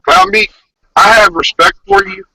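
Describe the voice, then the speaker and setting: A man's voice: very high voice, huge pitch swings, unhurried, gravelly, pushed and bright, poor audio. A man scolding others bluntly, confrontational and profane.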